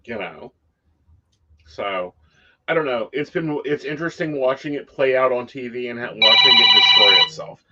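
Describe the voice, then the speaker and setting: A man's voice: mid-range voice, moderate pace, sharp tone, highs cut off. A man co-hosting a casual chat about psychic life, blunt and free with swear words. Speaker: psychic co-host.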